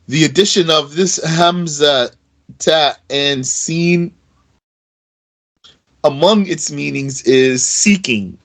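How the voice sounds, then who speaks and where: A man gives a relaxed grammar lesson at an unhurried pace, with a voice that sits a little high for a man. He says each verb form slowly and repeats it, and drops in casual fillers as he goes. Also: poor audio. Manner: explains slowly, repeating Arabic verb forms aloud; casual fillers such as "like" and "you know". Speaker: Arabic grammar teacher. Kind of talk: recorded lesson.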